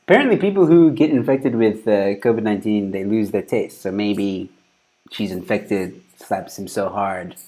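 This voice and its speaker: A man's voice: lowish voice, normal speed, mellow. A man hosting a casual news commentary show, rambling loosely and breaking into laughter often. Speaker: show host.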